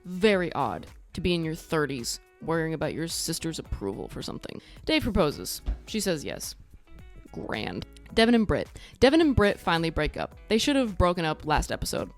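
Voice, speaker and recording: Blunt, sarcastic woman with lively pitch. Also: fairly quick, soft background music. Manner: blunt, sarcastic, swears freely. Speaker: TV recap vlogger. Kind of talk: casual recap and review.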